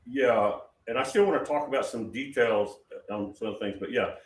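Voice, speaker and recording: A man's voice: mid-range voice, fairly quick. A man hosting a prophetic talk show, answering questions in a rambling, emphatic way with many restarts over a call. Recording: roomy sound from far off the mic.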